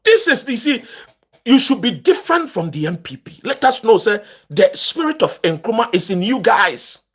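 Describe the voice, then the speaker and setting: A man's voice: high-pitched, big pitch swings, moderate pace, fairly bright tone, slightly rough. A Ghanaian man ranting about politics to his online audience, impassioned and emphatic, switching between English and Twi. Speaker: political commentator. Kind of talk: animated political rant to camera.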